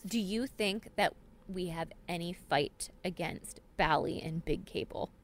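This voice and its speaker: A woman co-hosting a casual sports chat, animated and laughing often, with lots of fillers. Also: fairly low pitch, unhurried, a little hiss or hum. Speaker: podcast co-host.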